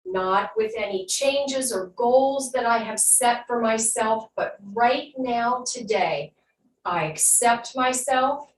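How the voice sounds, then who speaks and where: A woman instructor guiding an online fitness class with calm cues, then leading slow breath work and affirmations. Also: a little high, recorded from a distance. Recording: echoey room, voice from off-mic, faint hum.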